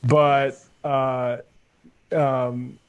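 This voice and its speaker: A man co-hosting a casual panel chat, speaking in a measured, wry way. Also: mid-range voice, level tone, smooth, dull audio. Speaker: podcast co-host.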